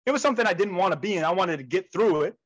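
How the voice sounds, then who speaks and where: Motivational speaker, male, fairly high voice, lively storyteller who acts out the people in his stories. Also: rapid-fire, poor audio. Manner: animated storytelling with quoted voices. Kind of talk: motivational keynote talk.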